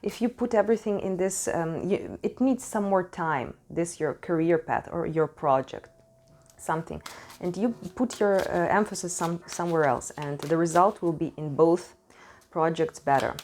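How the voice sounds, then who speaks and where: A woman with a somewhat low voice gives a casual tarot reading at home. English is not her first language, and she searches for words as she talks. She speaks frankly into a desk microphone, swears freely and laughs often. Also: moderate pace, darkish tone. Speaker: tarot reader. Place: home in Switzerland.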